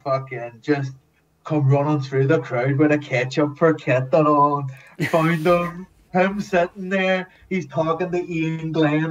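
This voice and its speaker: A man telling lively, profane stories as a podcast guest, acting out the people in them. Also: a little high, distant mic, dull audio. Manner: animated, swears often, acts out quotes. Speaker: guest, former TV extra. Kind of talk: casual storytelling.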